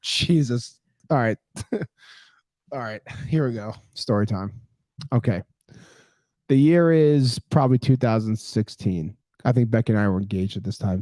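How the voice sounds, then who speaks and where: A man's voice: lowish voice, no room sound, studio quality. A man in his thirties, a podcast co-host telling a long story in casual chat, acting out what people said and swearing freely. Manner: animated storyteller, acts out quotes, swears casually.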